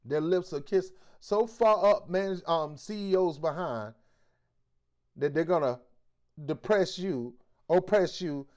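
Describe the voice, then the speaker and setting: A male host giving preachy commentary in a forceful, exhorting way, with blunt street slang. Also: fairly high pitch, slow.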